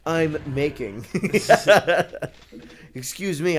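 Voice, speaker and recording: A man's voice: mid-range voice, expressive, moderate pace. A young man joking and laughing as he comments on a video game with friends. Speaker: let's play commentator. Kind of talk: casual banter over gameplay.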